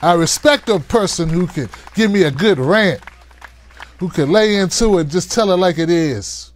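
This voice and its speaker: A man's voice: sits high, animated, moderate pace, a faint crowd, slight background noise. Hyped-up male talk show host. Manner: hyped, playful, hollers shout-outs to viewers. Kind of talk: live-stream talk show monologue.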